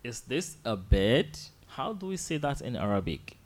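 Slow, patient male Arabic teacher. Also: medium pitch, sing-song. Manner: slow, patient drilling with repeated prompts. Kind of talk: online language lesson.

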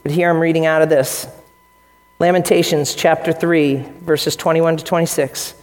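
A man's voice: fairly high pitch, little pitch movement, moderate pace, long reverb tail. A male pastor preaching a sermon in an earnest way, acting out the quotes he tells. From United States. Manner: earnest preaching, acts out quotes in shifting voices. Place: church hall.

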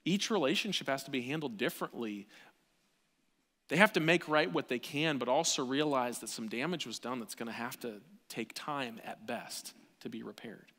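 A man in his thirties, a pastor, preaching a sermon with animated delivery, dropping to quiet asides and rising almost to a shout. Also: mid-range voice, moderate pace, big-room sound. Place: church sanctuary.

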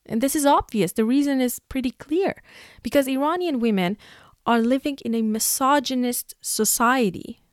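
A woman's voice: high voice, normal speed, no echo, studio quality. A young woman from Iran giving an emotional, exasperated opinion monologue as a vlogger, sighing and laughing between points.

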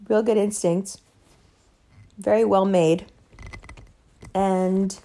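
A podcast host with a medium-pitched, dark voice and vocal fry delivers a casual, rambling monologue. She's blunt and emphatic, swears heavily, and drifts into loose asides.

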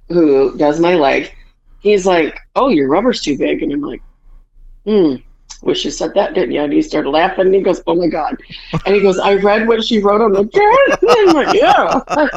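Bawdy storytelling woman, dull lo-fi sound. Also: on the low side. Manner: animated, bawdy storyteller acting out dialogue. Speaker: podcast host. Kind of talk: casual podcast chat. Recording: dull lo-fi podcast audio.

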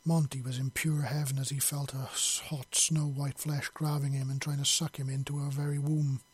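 A man's voice: mid-range voice, level tone, normal speed, slightly rough. A man reading a long fantasy story aloud in an unpolished way, with slips and self-corrections. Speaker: story reader. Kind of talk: reading his own fiction aloud.

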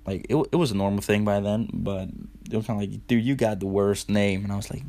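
A man's voice: fairly low pitch, fairly even intonation, fast, dark tone. A young man hosting a podcast, telling a loose, profane story in casual talk, full of "dude" and "like". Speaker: podcast host.

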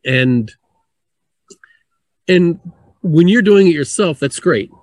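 A man in a relaxed, chatty conversation about wine, laughing lightly between points. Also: a little high, slow pace, dry recording. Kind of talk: casual conversation.

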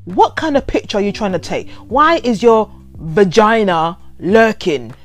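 A woman, casually reading out and reacting to overheard quotes, animated and given to laughing and playful drama. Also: mid-range voice, a little slow. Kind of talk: casual chatty commentary.

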